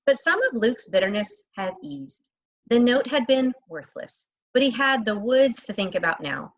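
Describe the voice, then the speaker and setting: A woman reading a children's novel aloud, expressive, lightly voicing the characters and adding chatty asides to the listener. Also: on the high side, normal speed, highs cut off.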